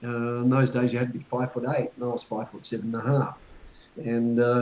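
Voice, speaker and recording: A man's voice: medium pitch, little pitch movement, a little fast, darkish tone, slight background noise, poor audio. Chatty Australian man in his fifties. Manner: rambling anecdotal storyteller, chuckling. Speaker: guest. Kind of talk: casual chat.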